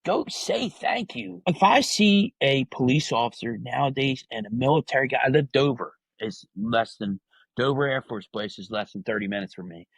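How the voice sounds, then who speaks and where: A man's voice: mid-range voice, expressive, moderate pace, breathy edge, no room sound, poor audio. A man, talking candidly and earnestly as a podcast guest, often tacking "man" onto his sentences. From New Jersey. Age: 50s. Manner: earnest, heartfelt, repeats "man" often, many restarts. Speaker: podcast guest, retired correctional officer. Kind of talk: candid personal interview talk.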